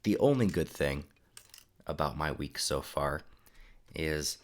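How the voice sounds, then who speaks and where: A man's voice: rumbling low, takes it slowly. A young man with a stuffy, sniffly voice, chatting casually and rambling on a live stream from his home desk. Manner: relaxed, rambling, reads chat aloud. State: congested, sniffling.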